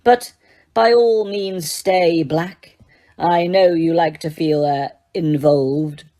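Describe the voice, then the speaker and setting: Woman putting on a sneery quiet teacher guy, slow and low, kinda whispery. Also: expressive. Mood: sneering. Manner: slow, quiet and silkily waspish. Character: sneering cold male potions teacher.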